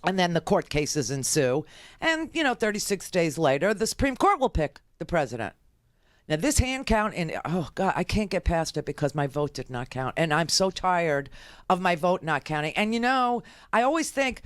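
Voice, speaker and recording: Brief: woman talk radio host, emphatic and exasperated, smooth clear voice, dry close studio sound. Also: on the low side, very animated, moderate pace, dry recording. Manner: exasperated, emphatic, repeats phrases for effect. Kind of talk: political commentary rant.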